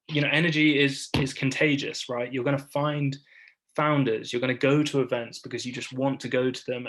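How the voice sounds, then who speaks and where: A man's voice: medium pitch, fairly bright tone, low-quality recording. Casual chatty guy on a video call running a workshop, keeps restarting lines, pokes fun at himself. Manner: chatty, self-deprecating, many restarts. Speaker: workshop speaker. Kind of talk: online workshop talk.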